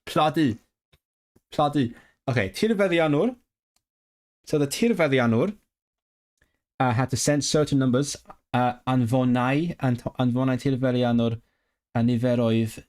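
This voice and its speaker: Studying new words on a relaxed stream, this language-learning man sounds them out, repeats them and thinks aloud. He speaks a little slowly with medium pitch, fairly even intonation and a darkish tone.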